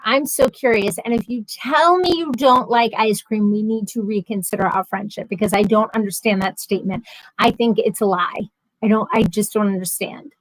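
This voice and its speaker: Woman, livestream host, higher voice, dry close sound; chatty and sarcastic while reading comments. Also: a bit bright, dry recording, poor audio. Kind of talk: casual chat reading viewer comments.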